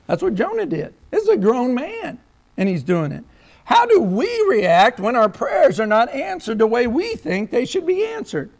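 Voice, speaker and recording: A male pastor delivers a sermon in a high voice that leaps up and down as he drives each point home. There is a gravelly edge to his tone, and he slips into dramatic quoted prayers between readings. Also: big pitch swings, measured pace.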